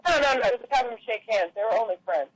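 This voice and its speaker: A woman's voice: fairly high pitch, animated, quick pace, rough recording. Cat lady, doting, stutters; a woman does her. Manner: stammering.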